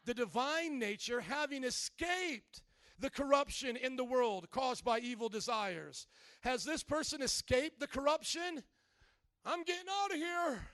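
High-voiced man preaching with fiery swings. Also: measured pace, no room sound. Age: adult, married. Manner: animated preaching, swings into shouting and mock voices. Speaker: pastor. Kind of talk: sermon.

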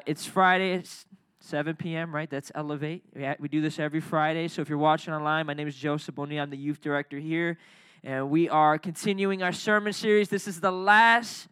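A young man preaching to a youth crowd, his voice high and bright as he jokes around and gets the room to answer back. The sound is close and dry, with little room around it. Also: clean tone, no room sound. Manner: energetic, joking, talks with the crowd. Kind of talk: casual youth sermon.

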